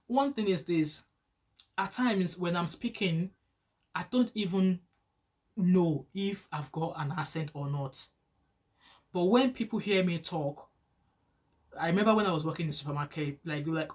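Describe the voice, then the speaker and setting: A woman in her thirties with a Nigerian accent talks casually to her camera. Her voice is chatty and animated, climbing higher whenever she gets excited. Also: normal speed, pauses often. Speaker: vlogger.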